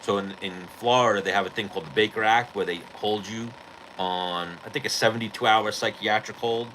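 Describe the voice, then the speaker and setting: A man hosting a podcast, casually retelling a street fight in a profane, animated way. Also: lowish voice, brisk, slight background noise, low-quality recording. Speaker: podcast host. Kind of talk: casual storytelling.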